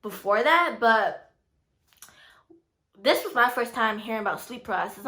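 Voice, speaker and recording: A woman in her twenties telling a story to camera in a casual vlog, full of "like" and "you know," and animated when she acts out what her family said. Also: fairly high pitch, moderate pace. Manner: animated, voices the quoted family with rising excitement. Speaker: YouTuber.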